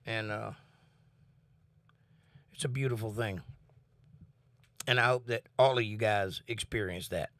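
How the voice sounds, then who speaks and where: A man's voice: on the low side, a little slow, pauses often, no echo, studio quality. A man hosting a casual livestream from home, talking earnestly about faith and reading out viewers' comments. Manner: relaxed, earnest, talks about faith and reads chat comments. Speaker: livestream host.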